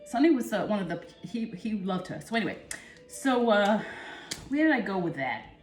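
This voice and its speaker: In an echoey home kitchen with soft background music, a woman performs a comic monologue as a brassy, chatty Italian-American cooking show host with a New Jersey accent, brashly jumping from tangent to tangent. Her medium-pitched, slightly mellow voice swings widely in pitch at a moderate pace, close to everyday speech.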